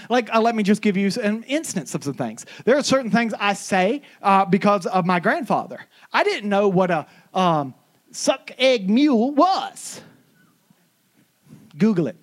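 A middle-aged speaker, originally from Florida, spins homespun stories to an audience. The pitch leaps up and down as they act out other people's voices in animated storytelling. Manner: animated storyteller who acts out quoted voices. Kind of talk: anecdotal monologue.

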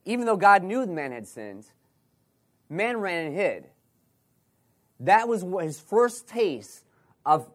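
Male pastor, sermon delivery, calls out questions to the room, repeats himself for emphasis. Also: high voice. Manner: preaching with rhetorical questions, repeating phrases and restarting.

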